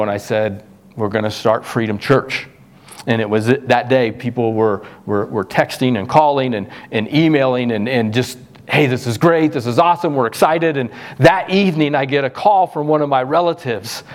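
A middle-aged pastor preaching a sermon, animated, his voice jumping up when he acts out questions to God. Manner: animated, voice jumps high when acting out questions.

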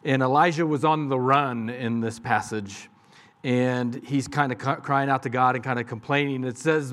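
A man's voice: mid-range voice, steady tone, normal speed, fairly bright tone. A man preaching a sermon as pastor, talking to the congregation in a plain, conversational way.

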